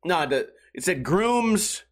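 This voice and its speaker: A man's voice: sits high, sing-song, slow. Rambling, profane man telling a story. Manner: rambling, profane, laughs often. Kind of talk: casual storytelling monologue.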